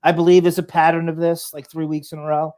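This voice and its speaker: Wry, somewhat high-voiced man joking. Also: completely flat delivery, fast talker, a little mellow, clean tone. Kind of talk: profane radio show banter.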